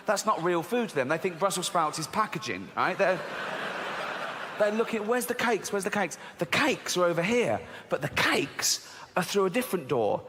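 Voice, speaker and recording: Guy doing standup, swears a lot, big pitch swings, long hall reverb, faint crowd hum. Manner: animated, laughing at his own jokes, swearing. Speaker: stand-up comedian. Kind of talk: stand-up comedy routine. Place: large theater stage with a live audience.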